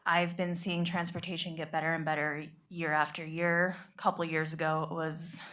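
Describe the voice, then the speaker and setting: A woman's voice: deep voice, little pitch movement, normal speed, a bit bright. A woman giving earnest, appreciative remarks at a public board meeting, with some fillers.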